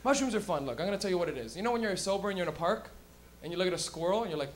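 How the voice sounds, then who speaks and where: Loud, profane Canadian comic host. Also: male voice, sits high, expressive, rapid-fire, noisy background. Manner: loud, profane, laughing at his own jokes. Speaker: comedy show host and stand-up comedian. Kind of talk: stand-up comedy set. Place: comedy club stage, audience.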